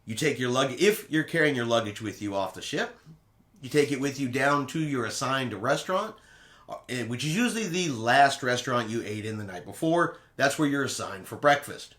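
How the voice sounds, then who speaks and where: A man hosting a travel vlog, telling a casual cruise recap in an animated way and acting out quotes dramatically. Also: mid-range voice, moderate pace, roomy sound. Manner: animated storyteller who acts out quotes dramatically.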